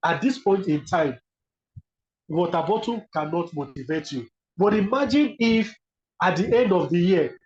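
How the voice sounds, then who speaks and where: A man with a Nigerian accent giving an animated webinar lecture, often acting out the people he quotes. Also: sits high, measured pace, reverberant, a little hiss or hum. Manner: animated, acts out quoted speakers. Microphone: video call. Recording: dull lo-fi video call audio.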